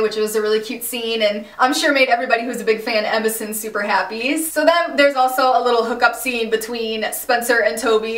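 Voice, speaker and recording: A woman casually recapping a TV finale, animated and slangy, exclaiming and laughing as she tells it. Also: fairly high pitch, distant mic. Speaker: recap vlogger. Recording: echoey room, a bit off-mic.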